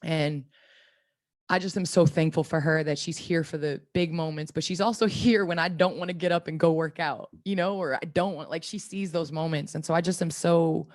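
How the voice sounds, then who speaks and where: A woman in her thirties speaks into a table mic at a press conference, with a lower voice for her sex. She teases and chatters, then turns earnest and reflective about what matters to her. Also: steady tone, normal speed, darkish tone. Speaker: pro basketball player at a press conference. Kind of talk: post-game press conference answers.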